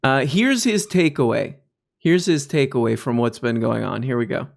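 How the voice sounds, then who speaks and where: A man's voice: medium pitch, moderate pace, gravelly. A man hosting a reaction commentary, mocking the clips he plays with sarcasm and frequent laughter. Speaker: commentary host.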